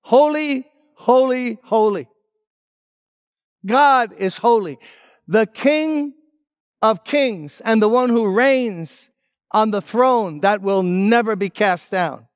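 A man preaching a sermon as pastor, emphatic, dropping to hushed tones and rising on key words. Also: sits high, slow, no echo, clean studio sound. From United States.

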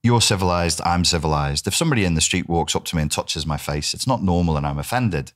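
A British man in his forties, a guest in a casual interview, telling animated stories, swearing freely and acting out quotes. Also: deep voice, fast. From United Kingdom.

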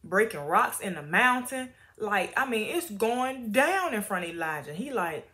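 A woman reading Bible passages aloud and commenting in a chatty, animated way. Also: medium pitch, measured pace. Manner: animated, chatty, laughs often. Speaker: Bible story teacher.

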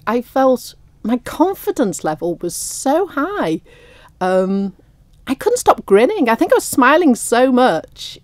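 A woman's voice: high-pitched, no room sound. Emotional woman guest, close and dry. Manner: warm, tearful, laughs often. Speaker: radio guest, raffle prize winner. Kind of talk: emotional radio interview.

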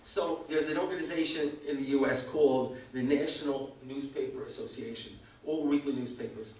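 An older American man telling a humorous story at a community evening, self-mocking and animated, acting out other people's lines. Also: medium pitch, moderate pace. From United States. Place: event hall. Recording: echoey hall, far from the mic.

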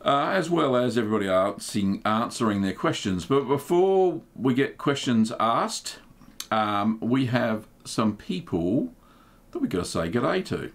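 A middle-aged man, hosting a casual livestream in a relaxed, chatty way, with plenty of ums and uhs. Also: mid-range voice, a little slow. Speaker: livestream host.

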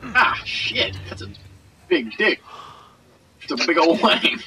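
Young male co-host trading crude jokes, bright higher voice, sits back from the mic. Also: lively intonation, a little slow, distant mic, a little hiss or hum, rough recording. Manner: crude teasing jokes, laughs a lot. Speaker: let's play co-host. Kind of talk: casual gaming commentary. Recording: voice a bit off-mic.

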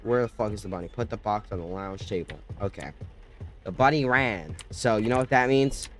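A young man hosting a horror game let's-play, muttering low and bursting into screamed, profane threats. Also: moderate pace, soft background music. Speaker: gaming channel host.

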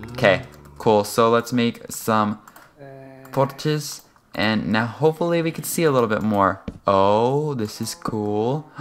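Excitable young man playing a game. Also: slight background noise. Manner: excitable, jumps to high-pitched yelps when startled; rambling, self-mocking asides. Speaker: gaming channel host. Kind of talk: casual gameplay commentary.

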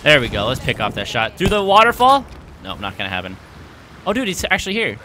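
A young man commentating his video game play, out of breath, excitable and yelling at big moments. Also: on the low side, fast talker, noisy background. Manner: excitable, shouts at big plays, self-mocking. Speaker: gaming YouTuber. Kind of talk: gameplay commentary. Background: game gunfire and explosions.

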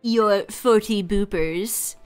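A woman with a clean, mid-range voice chats casually and unhurriedly with her live-stream audience, laughing often. Faint music plays quietly in the background.

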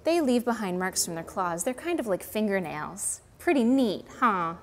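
A Canadian museum educator with a medium-pitched voice reads a storybook aloud to small children, speaking slowly in a very animated, sing-song way and asking the kids questions. There is a little hiss or hum in the recording.

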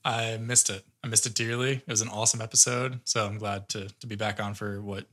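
Low, bright-voiced male co-host. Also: a little fast. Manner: relaxed, rambling, many fillers. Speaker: podcast co-host. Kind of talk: casual podcast chat.

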